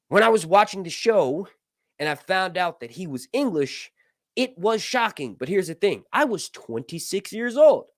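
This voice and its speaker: Man, early thirties, stream host, casual rambling talk, swears a lot, highish lively voice, dry close sound. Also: dry recording. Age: 30s. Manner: rambling, profane and joking, loses his train of thought. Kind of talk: casual live-stream chat.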